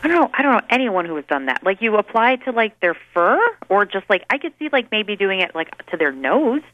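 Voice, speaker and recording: A woman meteorologist giving a weather forecast and chatting casually, with quick talk and lots of fillers. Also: mid-range voice, big pitch swings, no echo, muffled recording.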